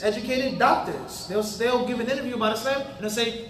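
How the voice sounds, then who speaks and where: A man's voice: extremely high pitch, a little fast, a bit bright. A man giving an interactive religious lecture in a mosque hall, constantly quizzing the audience with fill-in-the-blank questions and tossing in casual street-talk asides. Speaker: Islamic teacher. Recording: roomy hall, mic at a distance.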